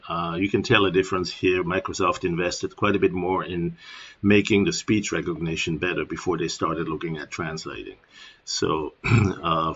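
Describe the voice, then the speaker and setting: A man with a German accent casually walking through a software tutorial at his computer, rambling with plenty of filler words. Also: low-pitched, slightly rough. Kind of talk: casual screen-recording tutorial. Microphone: computer microphone. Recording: dull lo-fi screen recording.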